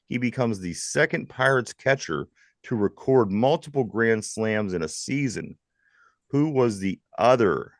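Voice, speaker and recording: A man with a Pittsburgh accent hosting a live sports talk show, lively and jokey, reading trivia questions to his co-hosts. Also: medium pitch, creaky, no room sound. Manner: lively, jokey, laughs often. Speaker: host.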